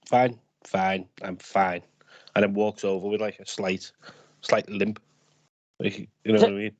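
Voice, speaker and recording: Player, male, low voice, talks through his character's actions, dry sound. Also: flat delivery, a little slow, no room sound. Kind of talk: casual tabletop chat.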